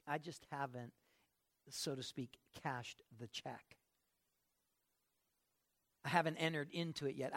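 An older man, a pastor, preaching a sermon in a folksy, conversational way, moving between soft asides and emphatic lifts. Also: on the high side.

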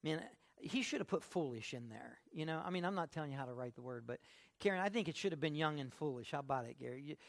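An older man, a pastor, preaching a sermon in a folksy, conversational way, moving between soft asides and emphatic lifts. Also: on the high side, animated, fast talker, gravelly.

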